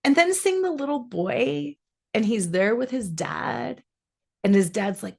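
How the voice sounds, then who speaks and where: A woman's voice: on the high side, animated, unhurried, creaky. Lady coach telling a personal story, earnest, musing, drags out some words. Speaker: life coach and podcast host.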